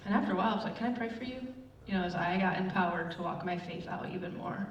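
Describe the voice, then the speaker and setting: A woman's voice: on the low side, very fast. A middle-aged woman giving a casual sermon, telling chatty personal stories with lots of fillers. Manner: chatty, animated storytelling with many fillers. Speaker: church speaker. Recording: roomy, distant, dull with faint room noise.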